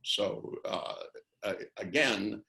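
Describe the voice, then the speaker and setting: Older guy on a video call, lowish voice, rambly, acts out the quotes he tells. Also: very slow, gravelly, pushed and bright. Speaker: interviewee, NLP trainer. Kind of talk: casual webinar talk.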